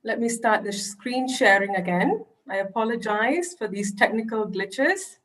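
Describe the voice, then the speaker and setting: A woman's voice: fairly high pitch, animated, a little slow, a bit bright, low-quality recording. A woman giving an earnest, explanatory online lecture over a video call. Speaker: religious education presenter.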